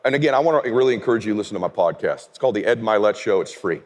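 On a large event stage, a male keynote speaker delivers a motivational speech, telling stories with energy and emphasis. His lowish voice is expressive and racing, echoing through a large hall.

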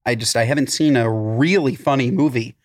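A man's voice: medium pitch, fairly quick, darkish tone. A man co-hosting a podcast, giving blunt, offhand opinions in casual chat.

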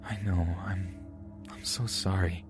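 A man's voice: lowish voice, music in the background, pitched above the performer's own voice, close to an everyday voice. A timid, frightened young woman, as a male narrator puts her on. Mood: shaken. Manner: small, hesitant, halting voice.

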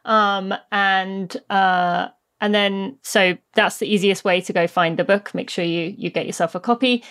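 A British woman, a guest and book author, talking in a warm, easy way with plenty of ums. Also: medium pitch, steady tone, measured pace, clear, resonant tone. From Britain. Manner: warm, laughs easily, many ums. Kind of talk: casual podcast interview.

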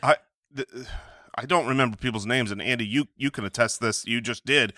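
Casual talker, man, bright edge to the voice, stumbles through his stories. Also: mid-range voice, fairly quick, no echo, studio quality. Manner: rambling, stumbles and restarts often. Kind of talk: casual chat.

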